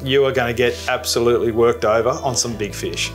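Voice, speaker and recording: A man's voice: medium pitch, steady tone, fairly quick. A man with an Australian accent hosting a fishing show, chatting casually, teasing and laughing a lot. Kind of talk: casual chat. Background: music.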